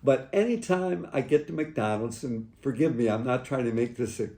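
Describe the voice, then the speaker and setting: This is a gentle priest in a personal reflection, his mid-range voice halting and full of restarts. The room around him is echoey, so his words carry a roomy ring. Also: mid-range voice, lively intonation.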